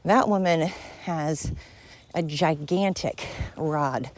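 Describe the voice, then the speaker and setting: A middle-aged woman talks her way through a rambling podcast while walking outdoors, panting a little as the path climbs. Her voice sits fairly low, and she's blunt and chatty, swearing freely and making fun of herself. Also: measured pace, darkish tone. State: out of breath while walking uphill. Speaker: podcast host. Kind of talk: casual rambling monologue. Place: outdoors walking, yard work noise around.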